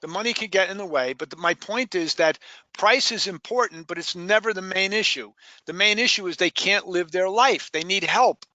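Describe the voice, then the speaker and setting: A man leading a sales training session in a lively, emphatic way, repeating key points and questioning his trainees. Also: high voice, normal speed, dry recording.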